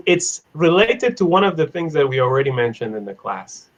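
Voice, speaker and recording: A man teaching an online English class on idioms, playful, laughing often and repeating phrases slowly. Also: on the high side, sing-song, highs cut off. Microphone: video call.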